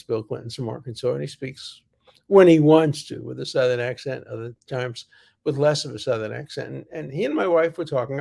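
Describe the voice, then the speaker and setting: An older American man telling personal stories in a casual, halting way, full of fillers and self-corrections. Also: medium pitch, creaky, a little mellow. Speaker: storyteller.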